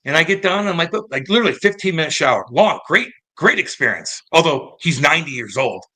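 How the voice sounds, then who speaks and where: A man in his thirties from St. Louis, a former pro hockey player telling stories in a casual, animated and profane interview. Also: on the high side, quick pace. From St. Louis, United States. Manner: animated, profane, acts out quoted voices.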